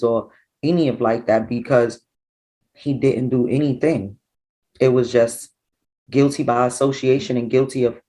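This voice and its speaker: A middle-aged woman, a grieving mother recounting events in an interview, animated and acting out what people said. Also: extremely low pitch, low-quality recording. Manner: animated, acts out quoted dialogue. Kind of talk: emotional personal storytelling.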